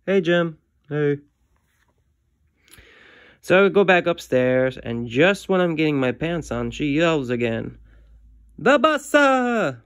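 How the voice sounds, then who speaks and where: A man, a teacher, reading a comic book aloud to children in a friendly, lively way. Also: a little high, slow, pauses often, clean tone, dry recording, studio quality.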